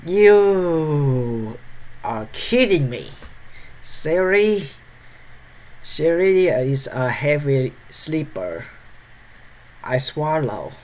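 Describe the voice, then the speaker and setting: A man's voice: on the high side, animated, takes it slowly, pauses often. A male streamer reading a visual novel's text aloud during a live let's play, breaking into startled yelps and nervous laughs. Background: faint game music.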